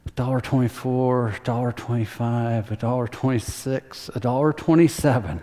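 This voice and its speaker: A preacher doing a kindly ice cream waitress. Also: male voice, mid-range voice, fairly even intonation, normal speed, warm tone, long reverb tail, natural voice. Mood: gentle. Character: kindly woman behind an ice cream counter.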